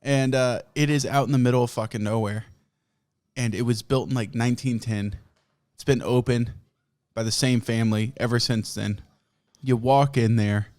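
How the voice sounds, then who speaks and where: A man's voice: mid-range voice, a little mellow. A man hosting a podcast, telling a rambling, profane story in a casual way and laughing often. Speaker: podcast host.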